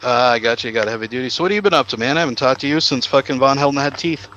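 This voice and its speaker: A man's voice: medium pitch, rapid-fire, pushed and bright, a little hiss or hum. A man from Canada hosting a livestream in casual, rambling commentary, swearing freely and restarting his sentences. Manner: rambling, profane, lots of restarts. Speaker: livestream host. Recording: dull lo-fi stream audio.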